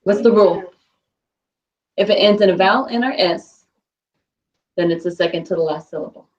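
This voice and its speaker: A woman's voice: mid-range voice, moderate pace, lo-fi sound. A woman teaching a Spanish class, patiently quizzing students and repeating their answers.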